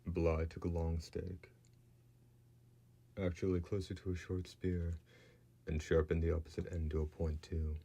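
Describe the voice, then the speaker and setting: Very deep, flat male narrator. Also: unhurried, long pauses. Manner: steady, even storytelling. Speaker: audiobook narrator. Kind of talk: scripted narration.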